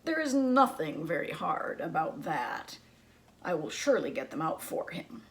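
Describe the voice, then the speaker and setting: A woman voicing a big male wolf in a storybook tale, speaking slowly and with confidence. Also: low voice, big pitch swings, full character voice. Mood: boastful.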